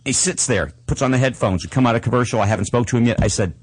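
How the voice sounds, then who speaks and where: A man's voice: mid-range voice, racing, husky. A man hosting a casual chat show, telling a self-mocking story. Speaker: host.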